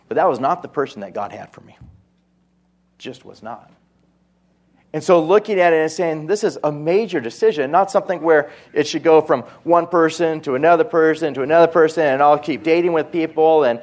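A pastor preaching a sermon in a conversational way, with asides and quoted voices. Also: male voice, fairly high pitch, expressive, normal speed.

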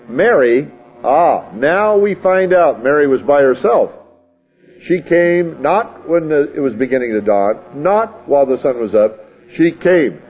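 A man's voice: medium pitch, slightly rough, highs cut off. A man preaching a sermon in a folksy way, reading scripture and acting out the scene in his own words. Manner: folksy, acts out the scene, chuckles. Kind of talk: sermon teaching.

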